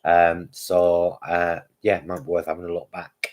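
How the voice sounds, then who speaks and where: A man co-hosting a live stream in easygoing casual chat, often pausing on fillers. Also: deep voice, monotone, darkish tone.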